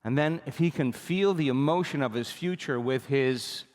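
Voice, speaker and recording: A man giving a motivational seminar talk, telling stories with animated energy and often checking that the audience is with him. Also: mid-range voice, normal speed, long reverb tail. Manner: animated storytelling, repeatedly asks the audience for agreement. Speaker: seminar speaker.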